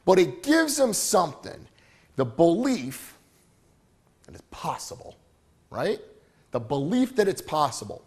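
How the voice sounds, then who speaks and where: Middle-aged male motivational speaker, animated storyteller, fairly high voice, breathy and rough. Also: measured pace. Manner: animated, keeps checking in with "right?". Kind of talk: storytelling presentation to a live audience. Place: venue with a live audience.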